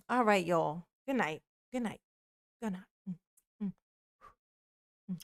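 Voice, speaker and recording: Slow-drawling woman calling herself Mama. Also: medium pitch, creaky. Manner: drawling, affectionate, calls herself Mama, laughs often. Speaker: YouTube channel host. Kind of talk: casual livestream sign-off to viewers.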